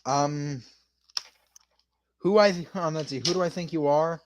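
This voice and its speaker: Male streamer, high voice, slow loose delivery, casual chat and sloppy freestyle. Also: noisy background. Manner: loose off-the-cuff freestyle rapping; answers chat messages, rambling with fillers.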